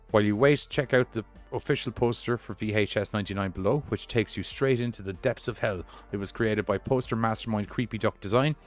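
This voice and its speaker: A man hosting a podcast, reading horror news headlines with rambling, sweary, jokey asides. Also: lowish voice.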